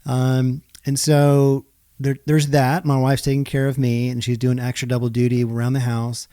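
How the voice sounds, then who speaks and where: Chatty man with a mellow, warm voice. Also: mid-range voice, flat delivery, moderate pace, clean tone, no echo, studio quality. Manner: chatty storyteller, acts out quoted dialogue. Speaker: realtor, interview guest. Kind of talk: casual interview chat.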